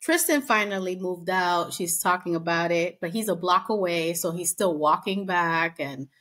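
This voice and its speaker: A woman's voice: fairly low pitch, moderate pace. Chatty woman recapping a reality show. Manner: chatty, acts out quotes in animated voices. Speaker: podcast co-host. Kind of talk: casual recap chat.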